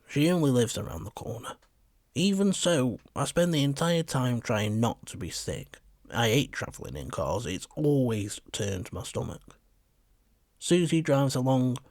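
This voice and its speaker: A man reading a short story as narrator in a steady, measured way. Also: medium pitch, dry recording, clean studio sound. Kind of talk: scripted narration.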